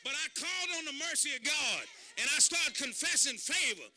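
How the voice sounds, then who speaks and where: A man preaching a sermon. He speaks emphatically, calls out to the congregation, and shouts at the peaks. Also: extremely high pitch, expressive, brisk, slight background noise. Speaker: pastor.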